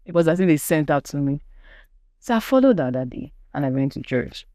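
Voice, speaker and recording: A woman's voice: low-pitched, very animated, a little fast, warm tone, dry recording. Young Nigerian woman, podcast guest, earnest testimony, dry close sound. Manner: earnest storytelling, acts out quoted people. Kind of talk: personal testimony in conversation.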